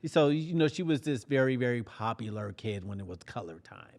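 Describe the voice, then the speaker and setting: A man hosting a podcast, telling a comedic story with lively acted-out quotes and frequent laughs. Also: mid-range voice, a little fast. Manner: animated, laughs often, acts out quotes. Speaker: podcast host.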